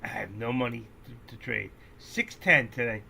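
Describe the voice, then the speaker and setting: A man giving casual, rambling live-stream commentary on stock trades, joking and breaking into excitable outbursts. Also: medium pitch, unhurried, gravelly, slight background noise. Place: indoors at home, seated.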